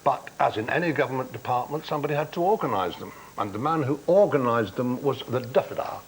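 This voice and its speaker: A man's voice: mid-range voice, expressive, fast talker, slightly rough, poor audio. A man on a TV panel game telling a long, droll, theatrical story. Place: TV studio.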